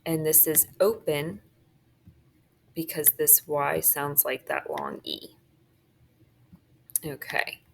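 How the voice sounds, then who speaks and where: A woman's voice: deep voice, steady tone, slow pace, vocal fry, long pauses, slight background noise. A woman teacher walking students through a phonics worksheet, often checking in with "okay?" as she marks words. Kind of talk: phonics lesson walkthrough.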